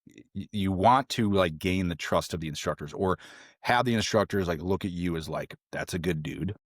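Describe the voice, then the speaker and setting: A middle-aged man on a podcast, telling a long story in a rambling, animated way, full of fillers and restarts, and jumping into a high voice when he quotes others. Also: normal speed, dry recording, studio quality. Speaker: podcast guest, former SEAL trainee. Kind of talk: casual storytelling interview.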